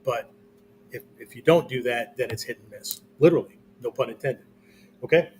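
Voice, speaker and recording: A man's voice: mid-range voice, moderate pace, darkish tone, a little hiss or hum. A male martial arts instructor giving a whiteboard lesson in a loose, conversational way, checking in with his listeners after nearly every phrase. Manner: checks in constantly with "okay?" and "right?"; loose, conversational explaining with fillers. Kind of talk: whiteboard teaching talk.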